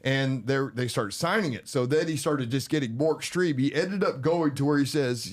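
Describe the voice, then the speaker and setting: A man's voice: medium pitch, moderate pace, hardly any pauses. A man co-hosting a talk show, telling a story casually and acting out the back-and-forth of a conversation. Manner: animated storytelling, acting out quoted exchanges. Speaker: co-host.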